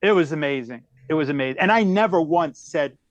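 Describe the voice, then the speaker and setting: A middle-aged comedian appears as a podcast guest, telling a long personal story in a slightly high voice that moves fairly quickly. The recording is dry, and his animated delivery keeps changing speed.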